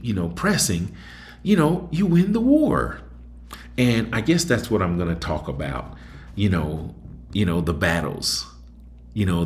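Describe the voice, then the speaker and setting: A middle-aged man hosting a solo talk show, reflecting in a rambling, conversational way with many fillers. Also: sits low. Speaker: host.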